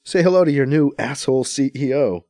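A man's voice: medium pitch, brisk, warm tone, no echo, clean studio sound, voice pushed up, close to an everyday voice. A man voicing a reluctant man newly put in charge, earnest, fumbling and defensive. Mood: sympathetic.

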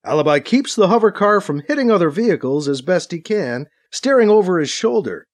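A man narrating a science-fiction story with a dramatic, expressive reading. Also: high-pitched, a little fast. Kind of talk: audiobook narration.

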